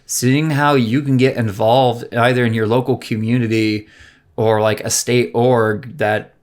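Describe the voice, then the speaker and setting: A man's voice: medium pitch, fairly even intonation, unhurried. A man co-hosting a podcast, talking bluntly and with a lot of profanity in casual political chat. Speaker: podcast co-host.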